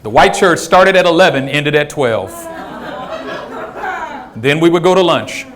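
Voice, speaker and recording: A male stand-up comedian telling family stories in an animated, acted-out way. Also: a little high, measured pace, crowd noise. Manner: animated, act-out storytelling. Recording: live show with audience laughter.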